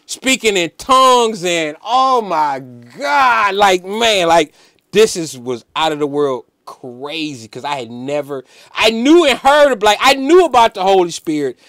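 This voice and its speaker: A man, a musician guest on an interview show, telling a personal story in an animated, emphatic way, full of "like" fillers. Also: sits high, normal speed, dry recording, studio quality. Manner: emphatic, preacher-like insistence.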